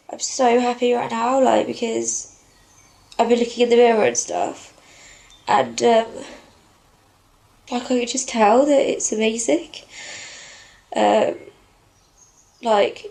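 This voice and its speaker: A woman's voice: fairly high pitch, creaky, a little mellow. A young British woman chatting candidly into her own camera in a self-filmed video diary, with frequent fillers. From Britain. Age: young adult. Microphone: handheld camera.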